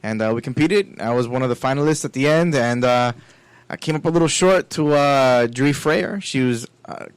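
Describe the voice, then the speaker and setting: A man's voice: medium pitch, moderate pace, clear, resonant tone, dry recording. A man who does stand-up talking in an easygoing way, with lots of fillers as he tells his story. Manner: easygoing, laid-back, filler-heavy. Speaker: stand-up comedian guest. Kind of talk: casual chat.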